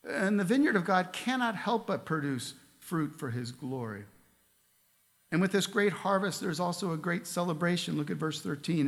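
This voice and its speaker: A man's voice: high-pitched, creaky, a bit bright. A male pastor preaching a sermon in a church, reading scripture aloud and asking the congregation earnest questions. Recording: long reverb of a large hall.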